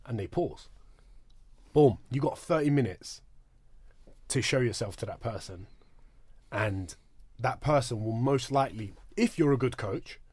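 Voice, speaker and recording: A man's voice: medium pitch, expressive, unhurried, long pauses, a little mellow, husky, no echo. A man hosting a casual podcast chat, bantering with slang and teasing his guests. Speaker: podcast host.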